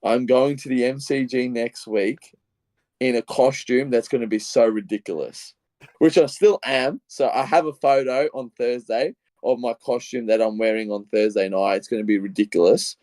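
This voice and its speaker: Excitable young Australian man, rambling. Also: medium pitch, normal speed, dry recording. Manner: excitable, rambling storytelling with re-enacted quotes. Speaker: podcast co-host. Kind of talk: casual footy podcast chat.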